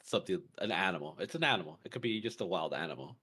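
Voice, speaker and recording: Man, lowish voice, casual podcast chat, rambling with fillers. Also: expressive, rapid-fire, pushed and bright, slightly rough. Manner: rambling storyteller, many fillers and restarts. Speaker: podcast co-host.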